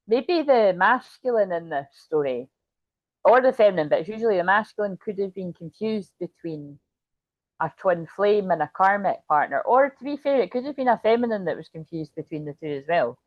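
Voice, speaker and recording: A woman's voice: medium pitch, lively intonation, normal speed, no echo, lo-fi sound. A middle-aged woman, chatting casually through a tarot reading. She rambles, giggles, swears and goes off on asides, and she sounds tired. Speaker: tarot reader.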